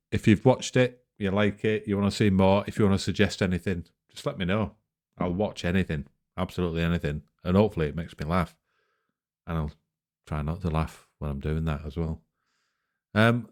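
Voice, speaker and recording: Male reaction host, very low voice, relaxed chatty sign-off style. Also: fairly quick. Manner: relaxed, chatty, addresses viewers directly. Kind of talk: casual reaction chat.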